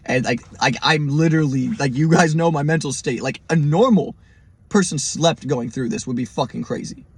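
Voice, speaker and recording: A man hosting his own podcast, telling listeners a first-person road story in a casual, profane, animated way. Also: on the high side, moderate pace, slightly rough. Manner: speaks straight to listeners as "guys". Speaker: podcast host.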